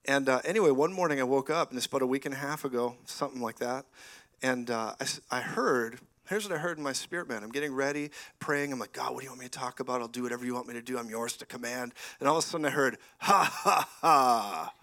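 A middle-aged man preaching a lively charismatic sermon, animated and often laughing, rising to loud exclamations. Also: medium pitch, fast talker.

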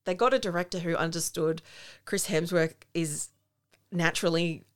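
A woman's voice: lowish voice, steady tone, normal speed. An Australian woman co-hosting a podcast, chatting casually and recapping plots with blunt asides. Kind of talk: casual chat.

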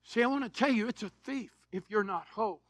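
A man, preaching a sermon in a church, animated storytelling that swings from shouts to quiet asides. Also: sits high, quick pace, no echo. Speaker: pastor. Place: church sanctuary.

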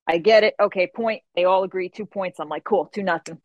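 Lebhafte junge Frau erzählt eine Geschichte. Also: female voice, medium pitch, a little fast, dry recording, lo-fi sound. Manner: animated, acts out the people in her story, swears casually. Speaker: guest. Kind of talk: storytelling.

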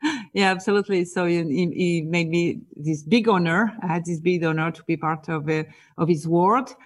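A woman's voice: on the low side, moderate pace. French lady on a remote call, eager guest, lots of "you know", repeats herself. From France. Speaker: guest, executive leadership coach. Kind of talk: interview answers.

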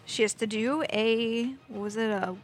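A woman playing a tabletop game, talking in a hesitant, halting way as she works out her spell. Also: fairly high pitch. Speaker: player. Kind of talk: casual tabletop play.

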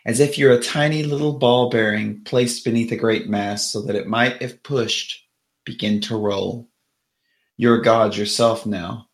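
A man voicing a creepy male sorcerer who speaks in a slow, insinuating, cryptic manner. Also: mid-range voice, fairly even intonation, natural voice. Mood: sinister, musing.

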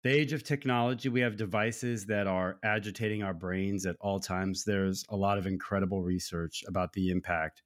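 A man's voice: deep voice, steady tone, moderate pace, few pauses. An American man co-hosting a Christian podcast, speaking in an earnest, reflective way. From United States. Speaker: podcast co-host. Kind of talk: casual faith podcast chat.

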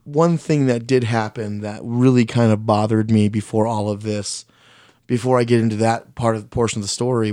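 A man's voice: on the low side, a little mellow, no room sound. Man, casual storytelling, blunt, frequent swearing, self-critical, dry close sound. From Mexican heritage. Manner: blunt, heavy swearing, rambling. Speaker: guest telling a story.

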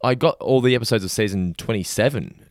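A man's voice: on the low side, fast talker, no room sound, clean studio sound. A man co-hosting a casual podcast, enthusiastic and casually swearing. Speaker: podcast co-host.

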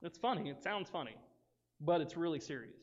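A man gives a casual, animated youth sermon, acting out the voices of friends and Bible characters. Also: a little high, a little fast. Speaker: youth pastor. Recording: dull sound with long reverb in a hall.

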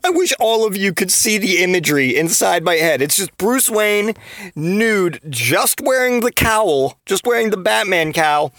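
A man's voice: high-pitched, lively intonation, unhurried, fairly bright tone, dry recording, clean studio sound. A man hosting a comedy podcast, rambling through a giggly monologue full of fillers and restarts. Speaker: podcast host.

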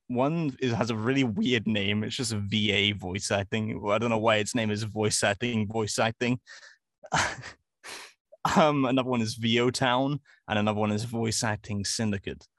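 A man's voice: fairly low pitch, unhurried, fairly bright tone, dry recording. Joking English man, dry sound. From England. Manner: rambling, joking, swears freely. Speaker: guest voice actor. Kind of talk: casual podcast chat.

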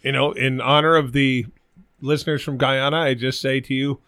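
A man's voice: medium pitch, level tone, normal speed, fairly bright tone, clean tone, dry recording, clean studio sound. A man co-hosting a podcast, trading crude jokes and insults with his co-hosts. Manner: profane, needling, defensive jokes. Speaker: podcast co-host. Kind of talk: crude casual banter.

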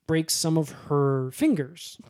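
A woman's voice: low voice, lively intonation, takes it slowly, darkish tone, slight background noise. A woman co-hosting a casual comedy chat, joking and retelling scenes. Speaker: podcast co-host.

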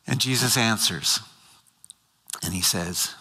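A man's voice: sits low, slow pace, long pauses, bright, forceful tone, breathy edge. Emphatic man explaining scripture in a hall. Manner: emphatic, repeats and stumbles for words. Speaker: speaker. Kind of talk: explaining scripture to a live audience. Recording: long hall reverb.

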